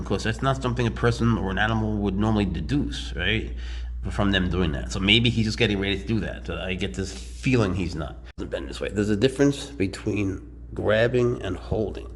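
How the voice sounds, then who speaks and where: A man casually explaining and handling his snakes in a relaxed, rambling vlog indoors. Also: fairly low pitch, creaky, slight background noise. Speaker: reptile keeper. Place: warm indoor room with high ceilings.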